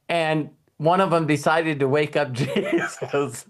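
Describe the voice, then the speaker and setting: A man coaching a client on faith, talking in a lively, repetitive way and laughing often. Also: a little high, takes it slowly. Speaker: life coach. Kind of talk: spiritual coaching call.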